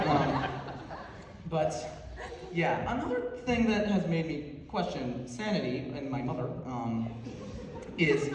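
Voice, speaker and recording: A young man doing stand-up comedy, animated and rambling, laughing through his stories with many fillers. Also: on the high side, normal speed. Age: young adult. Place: theater stage before a live audience. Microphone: audience phone from far off. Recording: echoey hall from far off, audience noise.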